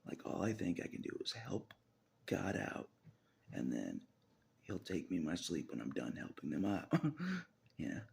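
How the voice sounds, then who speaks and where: Male solo vlogger, low raspy voice, rambling monologue with chuckles, pitch all over the place. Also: very animated, moderate pace, long pauses, slight background noise. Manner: swings from loud outbursts to low muttering with frequent laughs. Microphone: camera mic.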